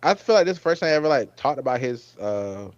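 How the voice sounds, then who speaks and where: A man hosting a casual review chat, rambling and getting animated when he recalls his own reactions. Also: medium pitch, fast talker, no room sound, lo-fi sound. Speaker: podcast host.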